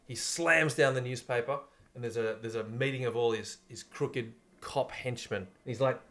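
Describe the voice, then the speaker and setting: A man's voice: medium pitch, moderate pace, fairly bright tone. Guy, young, podcast co-host, laid-back storyteller with crude humor. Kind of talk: casual comedic chat, pitching a movie plot.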